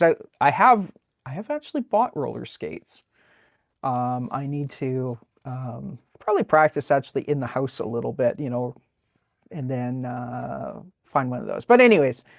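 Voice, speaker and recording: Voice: mid-range voice, animated, a little slow, creaky, no echo, studio quality. A webcomic artist casually narrating a sketchbook tour, talking in a rambling, chatty way with many fillers.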